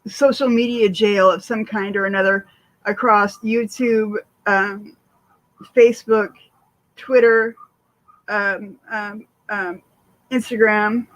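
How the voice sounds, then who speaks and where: Slow-paced and fairly even in intonation, this mid-range female voice comes through a rough recording. She's a livestream host chatting casually with viewers, swearing often and rambling with plenty of fillers.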